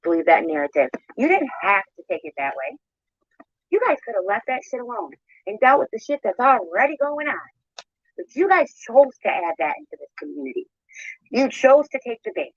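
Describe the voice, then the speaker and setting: A woman's voice: a little high, very animated, fairly quick, no echo, lo-fi sound. A woman ranting in a heated, accusatory way. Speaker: YouTuber in a played clip. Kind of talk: angry rant.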